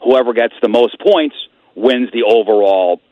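A man's voice: mid-range voice, unhurried, dry recording, muffled recording. A man with a New York accent, a radio show host teasing his co-hosts in on-air banter. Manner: teasing, boastful.

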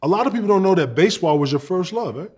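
A man in his forties hosting a casual interview, playful and quick with interjections, laughing easily. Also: high-pitched, animated, darkish tone, slightly rough. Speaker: podcast host.

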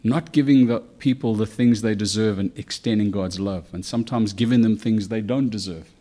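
A man preaching a conversational sermon, animated, with acted asides. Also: on the low side, normal speed. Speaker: pastor.

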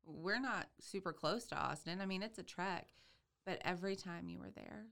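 A woman's voice: on the low side, normal speed, vocal fry, a bit bright. A woman hosting a podcast interview, affirming her guest with many fillers and restarts. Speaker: podcast host. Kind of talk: casual interview chat.

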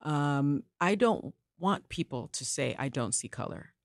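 A woman's voice: low voice, lively intonation, no room sound, clean studio sound. A woman co-hosting a podcast, giving her opinions in an emphatic, casual way. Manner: emphatic, opinionated, quick asides. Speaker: co-host.

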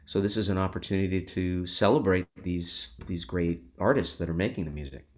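A middle-aged man speaks as an interview guest, his voice sitting low and deep. He talks in an earnest, reflective manner, sounding grateful as he looks back. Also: steady tone, a little fast. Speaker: guest musician and radio host. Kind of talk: conversational interview.

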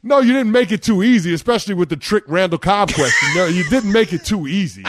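A man co-hosting sports talk radio, animated and playfully indignant during a quiz game, close to a studio mic. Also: high voice, quick pace. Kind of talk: casual sports radio banter.

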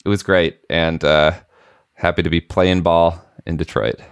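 A man's voice: low voice, steady tone, measured pace, clean tone, no room sound. A man in his late thirties, co-hosting a podcast, who tells stories in casual chat and acts out the people he quotes. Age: late 30s. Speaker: podcast co-host.

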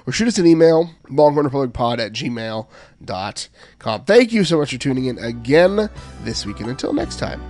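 A man, hosting a podcast in casual, measured, deliberate chat. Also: mid-range voice, sing-song, darkish tone, faint music behind. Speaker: podcast host.

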